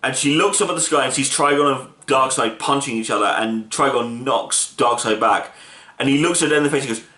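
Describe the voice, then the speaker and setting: A man's voice: medium pitch, fairly quick, pushed and bright. A man casually reviewing a film, retelling the plot with enthusiastic, rambling energy. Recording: roomy echo.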